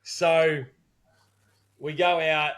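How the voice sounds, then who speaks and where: Aussie male podcast host, swearing storyteller, slightly higher pitched voice. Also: little pitch movement, extremely slow, a bit bright. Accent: Australian. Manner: profane, rambling storyteller with many restarts. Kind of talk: casual storytelling chat.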